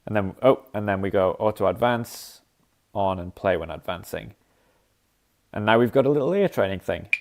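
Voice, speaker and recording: A man's voice: lowish voice, expressive, normal speed, a little mellow, a little hiss or hum. A man casually demonstrating a music app on a live stream, thinking aloud and scatting rhythms. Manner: thinks aloud while clicking, scats rhythms as "da da". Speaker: app developer demonstrating features.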